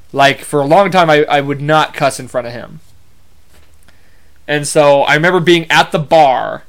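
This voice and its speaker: A man's voice: fairly high pitch, fairly bright tone. A young man hosting a podcast, telling casual stories in a rambling, self-correcting way with some swearing. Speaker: podcast host. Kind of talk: casual storytelling monologue.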